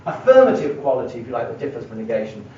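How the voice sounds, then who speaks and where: A man's voice: medium pitch, very animated, racing, dark tone, slight background noise. A middle-aged man giving a university philosophy lecture, thinking aloud and stressing key words as he writes on a board. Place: lecture room. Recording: echoey lecture hall, mic far away, dull and lo-fi.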